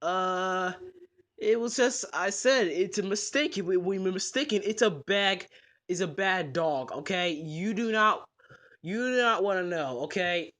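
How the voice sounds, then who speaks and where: A woman's voice: on the low side, unhurried, a bit bright, voice pushed down. A woman voicing a grumpy male pet store manager in a plush toy skit, stammering and evasive.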